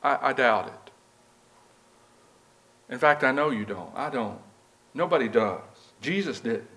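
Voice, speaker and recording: A man's voice: mid-range voice, animated, a little slow, fairly bright tone. A man preaching a sermon in a church, reading scripture and asking the congregation rhetorical questions in an earnest, conversational way. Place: church building.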